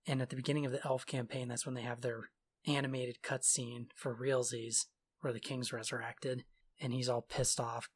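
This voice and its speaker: A man's voice: medium pitch, flat delivery, breathy edge. A man casually retelling a video game's story in a sarcastic, offhand way. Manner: sarcastic, offhand retelling with quick mock quotes. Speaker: podcast co-host recapping a game story. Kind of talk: casual chat.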